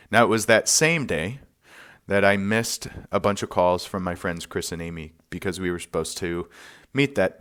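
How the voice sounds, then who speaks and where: A man hosting a podcast, telling a personal story in an earnest, soft-spoken way with small laughs and pauses. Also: sits low, clear, resonant tone.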